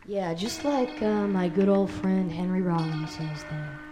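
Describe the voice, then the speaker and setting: A woman performing a confrontational spoken-word rant, taunting and profane, swinging from low muttering to yelling. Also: measured pace, over music.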